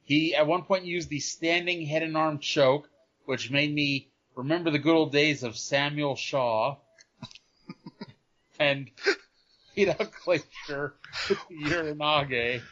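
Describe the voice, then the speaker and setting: A man's voice: a little high, slow, a bit bright, lo-fi sound. A man co-hosting a podcast, chatting casually and dropping dry, sarcastic asides. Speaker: podcast co-host. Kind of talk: casual wrestling recap chat.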